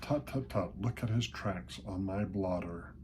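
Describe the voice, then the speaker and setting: A man's voice: low-pitched, measured pace, darkish tone, slight background noise. A man voicing a flustered, kindly old parson who huffs and exclaims. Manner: huffing, exclaiming. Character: fussy old male parson, flustered and kind.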